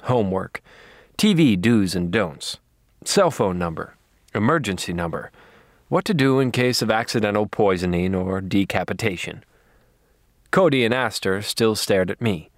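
Dry deadpan male narrator. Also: lowish voice, no echo. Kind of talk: audiobook narration.

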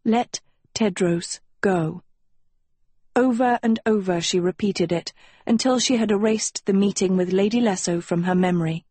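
A woman narrating an audiobook in a measured storytelling manner. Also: medium pitch, dark tone, husky, no room sound. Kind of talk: scripted narration.

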